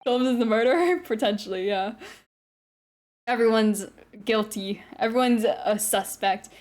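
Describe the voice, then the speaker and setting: A woman's voice: on the high side, measured pace, darkish tone. Giggly, joking woman streaming a game. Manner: giggly, joking, swearing asides. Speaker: streamer reading a visual novel aloud. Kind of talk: casual live-stream chat. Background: faint game music.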